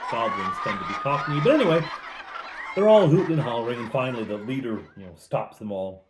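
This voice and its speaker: A man's voice: mid-range voice, lively intonation, brisk, reverberant, noisy background. A man recapping a tabletop game as game master, in a casual, chatty way with asides.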